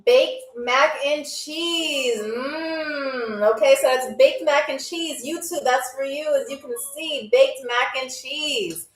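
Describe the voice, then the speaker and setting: A woman's voice: high-pitched, a little slow, hardly any pauses, roomy sound, recorded from a distance, low-quality recording. A woman hosting a live-stream game show, playful and chatty, talking straight to her viewers.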